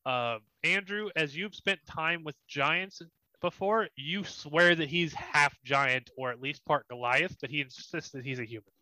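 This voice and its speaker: A man running a tabletop game as dungeon master, describing scenes with pauses and fillers. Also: a little high, pushed and bright, no echo. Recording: slightly muffled dry recording.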